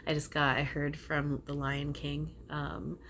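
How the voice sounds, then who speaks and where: A woman's voice: deep voice, flat delivery, a little slow, fairly bright tone, slight background noise. A woman channeler talking casually to her viewers, rambling and earnest with some casual swearing. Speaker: spiritual channeler. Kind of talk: casual spiritual talk to viewers.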